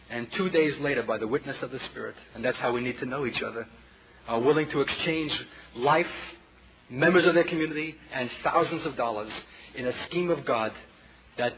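Preaching a sermon in a Brooklyn accent, a man tells a story with drama, dropping from loud to hushed as he calls the congregation his children. His pitch is medium, with a faint hiss or hum, and the audio sounds tinny and phone-like, with an audience present.

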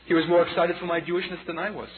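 A man in his forties preaching a personal testimony sermon, impassioned and dramatic, swinging between hushed passages and loud outbursts. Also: on the high side, little pitch movement, racing, husky. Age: 40s. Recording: tinny lo-fi sermon tape with audience noise.

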